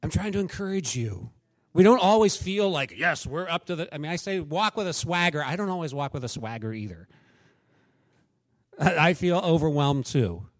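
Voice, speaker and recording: A male pastor delivering a sermon in a candid, conversational way, slipping into little acted quotes as he tells stories. His voice sits a bit high for a man. The sound is dry and close, with no room echo. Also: expressive, moderate pace.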